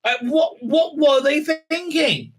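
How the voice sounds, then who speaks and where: Scornful bright-voiced man reviewing. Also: very high voice, takes it slowly. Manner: scornful, mocking, lots of fillers and restarts. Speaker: TV show reviewer. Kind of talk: casual video review commentary.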